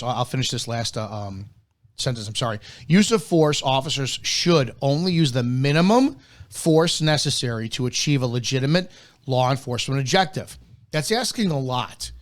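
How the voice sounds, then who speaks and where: Blunt, repetitive male live-show host. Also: mid-range voice. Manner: blunt, emphatic, repeats key points, swears; stumbles and restarts often. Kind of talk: live commentary to officers.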